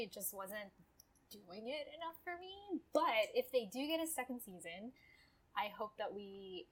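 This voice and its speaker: A woman co-hosting a podcast in casual chat, relaxed and thinking aloud with fillers. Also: mid-range voice, husky, poor audio. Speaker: podcast co-host.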